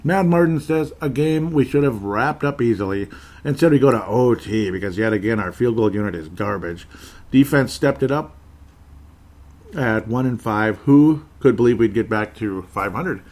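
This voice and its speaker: A man's voice: medium pitch, normal speed, darkish tone. Male sports podcast host, loose and rambling, reads listener comments, trips over names and laughs it off. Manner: rambling, self-correcting, laughs often. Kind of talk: casual live chat reading listener comments.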